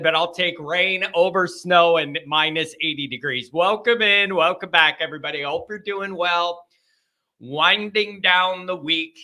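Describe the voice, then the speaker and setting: A man's voice: sits high, sharp tone. A man hosting a fan call-in show, talking in a rambling, joking, conversational way with frequent restarts. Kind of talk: casual solo podcast chat.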